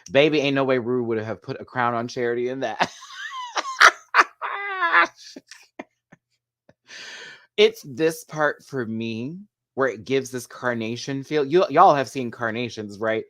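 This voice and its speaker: A man hosting a live video review, gushing and excitable, chatting to viewers and laughing often. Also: mid-range voice, moderate pace, few pauses. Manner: chatty, talks back to viewers' comments. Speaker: host reviewing a TV show.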